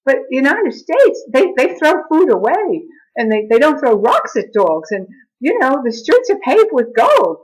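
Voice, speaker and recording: A woman's voice: high-pitched, big pitch swings, unhurried, voice pushed up, heavily acted, poor audio. Woman putting on an eager stray dog.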